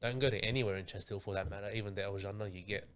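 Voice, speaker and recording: A man's voice: on the low side, racing, slight background noise. A man hosting a podcast, telling stories in casual, slangy chat. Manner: animated storytelling with slang. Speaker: podcast host.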